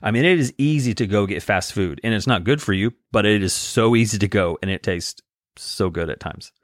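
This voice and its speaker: A man with a fairly low voice talks straight to his listeners as a self-help podcast host. He is earnest and direct and coaches like a friend, now and then breaking into laughter. The sound is dry and close, with no room behind it. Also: fairly quick, no room sound. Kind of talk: motivational self-help talk.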